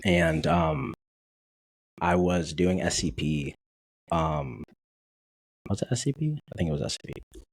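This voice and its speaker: This podcast guest, a man in his twenties from Dallas, Texas, tells his story casually and with animation, acting out quoted dialogue and laughing often. His voice is low and slightly rough, with a measured pace and long pauses.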